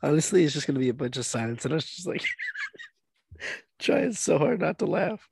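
A man's voice: on the high side, sing-song, normal speed, vocal fry, darkish tone, breathy edge, no room sound, studio quality. A man co-hosting a podcast over a video call, giving short replies with hesitant fillers. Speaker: podcast co-host. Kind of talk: casual chat.

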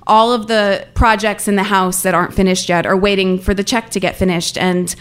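A woman's voice: mid-range voice, steady tone, fairly quick, clean tone. Young woman telling a candid personal story. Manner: earnest, candid, conversational with frequent "like".

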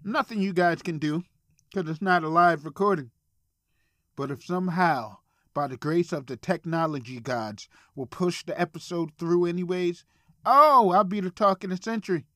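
A man's voice: high voice, moderate pace, bright, forceful tone, no room sound, studio quality. A man hosting a solo podcast from a small room, ranting in a profane, exasperated way. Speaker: podcast host.

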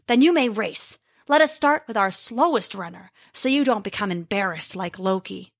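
A woman's voice: mid-range voice, expressive, normal speed. A woman voicing a proud, commanding male giant king who mocks his guests in a storybook. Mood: mocking.

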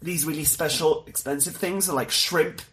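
A young man from Mexico chatting casually as a podcast co-host, animated and laughing often. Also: fairly high pitch, moderate pace, slight background noise. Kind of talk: casual chat.

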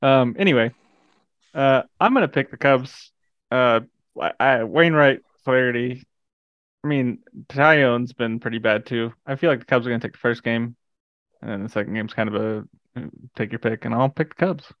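A man hosts a casual sports podcast at a middle pitch. He talks loosely and hesitantly, with fillers. The recording is dry and dull. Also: moderate pace, no echo. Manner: easygoing, hesitant, lots of filler. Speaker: podcast host. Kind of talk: casual chat.

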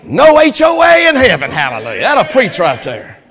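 Man, pastor preaching, high pitched, fervent, long church reverb. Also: wildly swooping pitch, moderate pace. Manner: fervent preaching, swings from loud to soft. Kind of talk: sermon. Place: church sanctuary.

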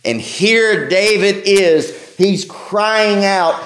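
A man's voice: sits high, expressive, measured pace, echoey room. A man preaching a sermon as pastor, acting out pleading cries with passion.

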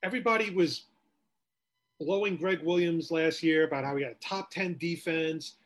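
A man's voice: a little high, moderate pace. A man co-hosting a sports podcast, ranting with rhetorical questions in casual talk.

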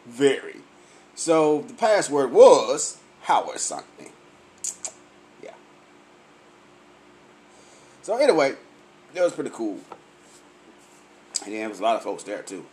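A tipsy man, laughing often, on a loud and profane comic rant to his camera. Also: mid-range voice, very animated, takes it slowly, pauses often. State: tipsy from drinking. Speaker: vlogger.

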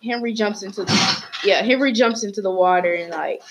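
A woman's voice: mid-range voice, brisk, noisy background. A woman casually retelling a story as a student podcast host, rambling with lots of fillers and restarts.

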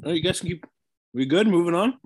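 A man's voice: sits high, animated, fast, a little mellow, husky, rough recording. A young man co-hosting a podcast in casual chat, easygoing and moving things along with questions. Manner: easygoing, steers the talk. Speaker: podcast co-host asking questions.

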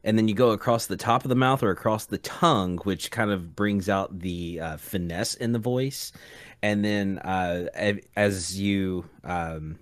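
Male game master, low voice, dry close sound, explanatory. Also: a little slow, no room sound. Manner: explanatory, thinks aloud. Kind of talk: casual chat.

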